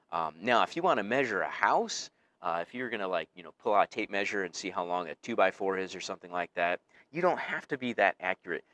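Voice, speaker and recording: A man's voice: lowish voice, a bit bright, dry recording. A male teacher giving a casual recorded lecture, explaining things conversationally with frequent fillers.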